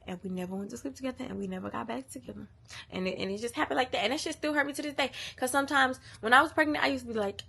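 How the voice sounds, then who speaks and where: A woman's voice: mid-range voice, pushed and bright. Candid woman venting. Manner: candid, emotional, profane, repeats herself. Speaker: vlogger. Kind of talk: emotional venting to camera.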